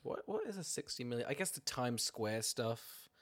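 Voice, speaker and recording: A man chatting casually about a film, animated and laughing as he acts out scenes. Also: medium pitch, normal speed. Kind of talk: casual film review chat.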